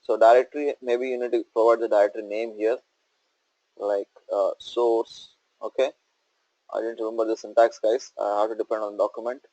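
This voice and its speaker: A man's voice: on the low side, little pitch movement, moderate pace, a little mellow, no echo, lo-fi sound. A male instructor walking through a coding tutorial on screen, explaining step by step and checking in with "okay?" and "right?".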